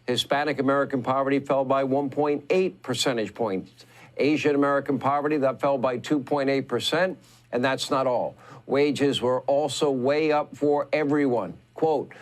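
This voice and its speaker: A man delivering scripted political commentary in an emphatic, driving way, leaning on repetition to push his points. His voice sits at a middle pitch. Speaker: commentary host.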